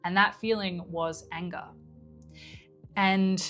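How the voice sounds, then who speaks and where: A woman's voice: on the low side, steady tone, slow, a bit bright, soft background music. Woman telling a story to camera. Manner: conversational, re-enacts quotes. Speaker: mind-body coach.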